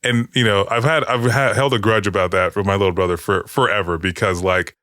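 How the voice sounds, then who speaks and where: A man's voice: on the low side, steady tone, fairly quick, fairly bright tone, no room sound, studio quality. A man co-hosting a podcast, telling a story in a casual, rambling way with frequent restarts and swearing. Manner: rambling, with many restarts and profanity. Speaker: podcast co-host. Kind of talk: casual chat.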